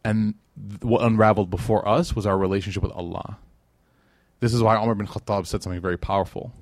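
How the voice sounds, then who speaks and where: A man's voice: on the low side, fairly even intonation, fast talker, no echo. Man, religious lecturer, conversational, humorous, acts out quoted voices, dry close mic. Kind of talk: lively religious lecture with stories.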